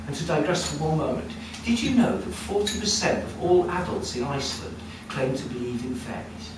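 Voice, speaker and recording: A man telling a folk tale live at a storytelling cafe, lively and conversational with asides to the audience. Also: fairly high pitch, a little fast, recorded from a distance. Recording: echoey room heard from afar with noise.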